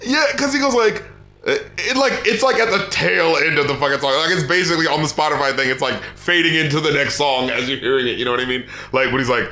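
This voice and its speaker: Podcast co-host, man, animated and profane, bright voice, roomy sound. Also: fairly high pitch, quick pace. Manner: animated, swearing, bursts of laughter. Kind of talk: casual album review chat.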